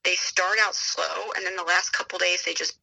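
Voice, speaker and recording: Bright, gravelly-voiced woman telling her story. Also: fairly low pitch, steady tone, moderate pace, rough recording. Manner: chatty, retells dialogue with many "she's like". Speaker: guest sharing her fertility story. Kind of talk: casual storytelling.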